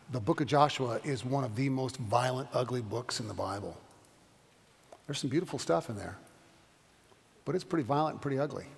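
A pastor teaching a Bible study class, talking fast and animated, with frequent restarts. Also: male voice, medium pitch, vocal fry, in a large hall. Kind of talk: Bible study lecture with questions.

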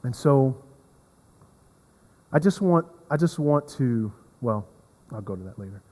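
A man's voice: mid-range voice, expressive, a little slow. Earnest male pastor preaching in a hall. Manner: earnest, repeats words, swings from emphatic to hushed. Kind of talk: sermon. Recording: long reverb of a hall.

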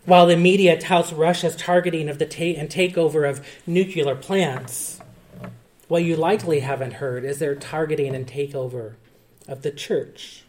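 A male pastor delivering a sermon in an earnest, measured way, with emphatic rises. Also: a little high, a little mellow.

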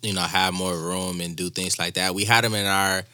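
Teasing man with quick comebacks. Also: low voice, steady tone, bright, forceful tone, no room sound. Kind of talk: casual chat.

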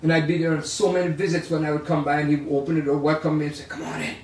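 An older man, a jazz pianist, telling rambling, animated stories in a casual way. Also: on the high side, very fast. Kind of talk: casual storytelling. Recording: roomy sound from far off.

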